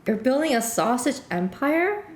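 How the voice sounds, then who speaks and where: Playful woman streamer, lively voice. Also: high-pitched, normal speed, roomy sound, slight background noise. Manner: playful, teasing. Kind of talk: casual chat with an AI on stream.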